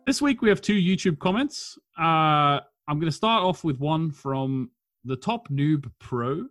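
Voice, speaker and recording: A man hosting a casual podcast, chatty and quick to laugh, reading out listener comments. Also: a little high, expressive, a bit bright, no room sound, soft background music. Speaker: podcast host. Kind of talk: casual chat.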